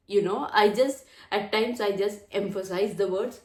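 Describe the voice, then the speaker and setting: A woman's voice: medium pitch, normal speed, hardly any pauses. Chatty woman in an echoey room. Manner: earnest, chatty, repeats phrases. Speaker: channel host. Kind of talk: casual chat to camera. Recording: roomy echo.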